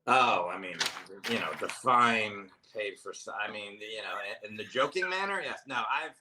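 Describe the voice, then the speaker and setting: A man's voice: lowish voice, animated, moderate pace, noisy background. A man, a comedian guest in a casual chat, talking in a rambling, self-deprecating way with lots of restarts. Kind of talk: casual chat over drinks.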